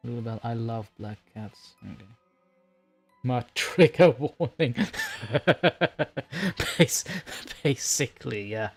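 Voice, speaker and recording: A man's voice: medium pitch, lively intonation, takes it slowly, pauses often, faint music behind. A man hosting a casual livestream, talking with a rambling, chatty manner and laughing often. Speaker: livestream host and story narrator.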